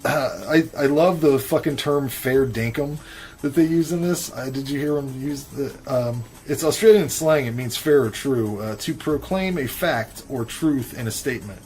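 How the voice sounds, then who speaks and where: A man co-hosting a horror podcast in loose, casual chat. He talks bluntly and swears freely, with a laid-back, unhurried manner and plenty of fillers. His pitch sits in a middle range for a man. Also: darkish tone, soft background music. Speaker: podcast co-host reviewing horror films.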